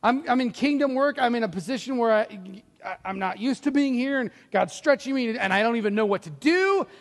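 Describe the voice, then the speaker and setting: A middle-aged man preaching a sermon as pastor, telling stories in an animated way and acting out the voices of the people in them. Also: very high-pitched, a little fast, long reverb tail. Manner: animated storytelling, acts out quoted voices.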